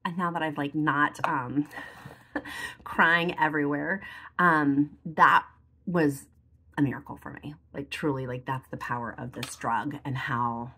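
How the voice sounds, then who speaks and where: Low husky woman chatting to camera. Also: fairly even intonation, slow, pushed and bright. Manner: chatty, emotional, lots of fillers like "like". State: teary, tearful. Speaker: beauty and lifestyle vlogger. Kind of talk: casual chat while doing makeup.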